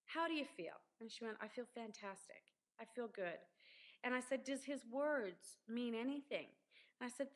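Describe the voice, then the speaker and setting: A middle-aged woman with a high voice talks straight into a webcam, giving earnest, preachy parenting advice. She circles back to the same phrases again and again to drive her point home. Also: a bit bright. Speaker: parent vlogger. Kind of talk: casual parenting advice talk.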